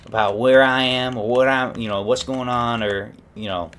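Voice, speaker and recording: A man playing a weary, cold escaped killer who speaks in a flat drawl with rough grammar. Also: medium pitch, moderate pace, lightly acted. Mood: bleak.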